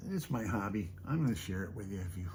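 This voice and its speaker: An older man rambling off the cuff, talking low and softly and chuckling often. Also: lively intonation, fast, slight background noise. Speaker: vlogger and hobby guitarist.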